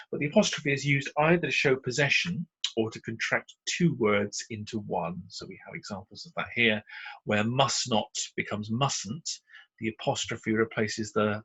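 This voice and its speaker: A man with a British accent teaching punctuation in a recorded slide lesson, explaining patiently with frequent pauses and fillers. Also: lowish voice, a bit bright, husky, poor audio. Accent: British English.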